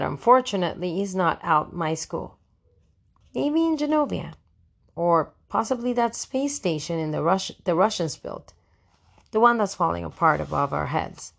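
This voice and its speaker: A woman narrates a first-person diary audiobook with a wry, fussy teenage edge. Her voice sits a little low and slips into creaky fry at the ends of phrases.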